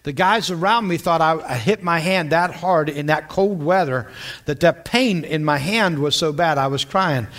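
A man's voice: fairly high pitch, normal speed, fairly bright tone. A man from western Pennsylvania preaching, telling a personal story with repeated words and check-ins with listeners. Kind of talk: sermon storytelling.

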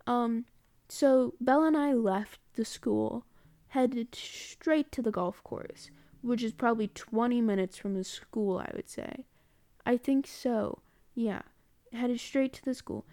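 A woman's voice: fairly high pitch, takes it slowly, dark tone, no room sound. A woman telling a story in a casual audio diary, rambling and correcting herself as she goes. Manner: rambling, chatty, corrects herself mid-sentence. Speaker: student recording a personal audio diary.

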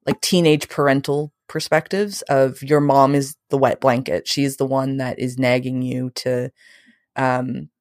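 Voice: mid-range voice, unhurried, no room sound, studio quality. A person casually discussing a film, rambling with many fillers. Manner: rambling, filler-heavy, lively. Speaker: film reviewer. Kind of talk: casual film review chat.

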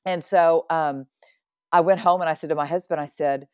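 Woman in her 60s, low pitch, dry recording. Podcast guest giving a lively, earnest testimony. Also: moderate pace, dry recording. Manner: animated and earnest, with laughs and asides. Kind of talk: personal faith testimony.

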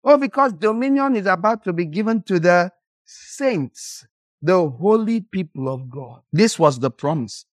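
A preacher giving a passionate, scolding sermon, rising now and then into sudden shouted bursts. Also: medium pitch, animated, a little slow, no room sound.

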